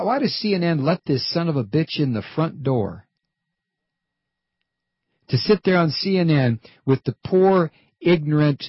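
Furious ranting male commentator, husky. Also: medium pitch, no room sound. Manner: furious, profane, taunting, rising to shouts. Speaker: political commentator. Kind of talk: angry on-air rant. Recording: dull dry broadcast audio.

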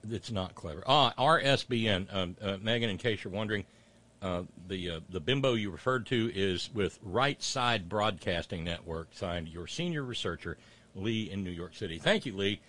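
A man's voice: on the low side, expressive, moderate pace, fairly bright tone. A man hosting political commentary, mocking clips with sarcastic asides and rising rants.

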